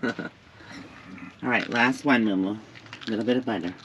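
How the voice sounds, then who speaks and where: A man's voice: medium pitch, normal speed, fairly bright tone, a little hiss or hum. A man chatting cheerfully through a casual gardening vlog outdoors at a camp, cooing at his pets. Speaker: vlogger.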